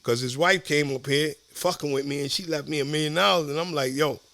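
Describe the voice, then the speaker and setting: A middle-aged man from Southside Jamaica Queens with a New York accent, telling stories as a podcast guest in an animated, profane way. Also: a little high, quick pace, vocal fry, dry recording. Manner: animated, profane, acts out quoted voices. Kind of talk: casual storytelling.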